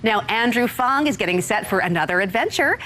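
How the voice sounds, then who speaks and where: Female morning news anchor, lively up-and-down delivery, easy conversational read. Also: medium pitch, brisk. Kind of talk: live morning TV presenting.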